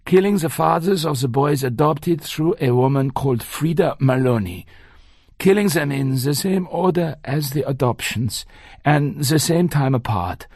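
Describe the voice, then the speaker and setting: A man voicing a grave older Nazi hunter with a German accent, speaking in a measured, formal way. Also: fairly high pitch, animated, gravelly, a little mellow, no room sound, clean studio sound, voice pushed up, exaggerated voice. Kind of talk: audiobook character voice.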